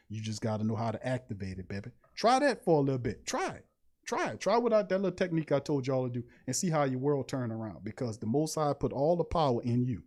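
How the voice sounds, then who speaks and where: A man hosting a podcast in a casual livestream monologue, preachy and emphatic, with slangy talk and sudden high-pitched emphasis. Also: dark tone. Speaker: podcast host.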